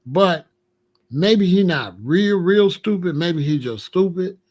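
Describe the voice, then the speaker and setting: This grandfather vlogger speaks slowly in a high, animated voice with a darkish tone. Addressing the camera casually, he scolds his grandson with profanity and taunts, laughing often and asking "you know what I'm saying?"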